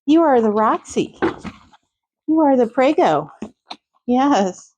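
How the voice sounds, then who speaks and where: A woman's voice: high-pitched, expressive, takes it slowly, pauses often, darkish tone, dull audio, slight background noise. A woman in a horse stable, cooing affectionately to her horses and making kiss sounds, in a casual vlog. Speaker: horse owner. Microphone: handheld microphone.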